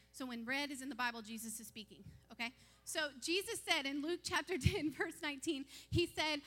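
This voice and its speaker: A woman pastor preaching a sermon to a congregation, emphatic and repetitive, building to shouts. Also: extremely high pitch.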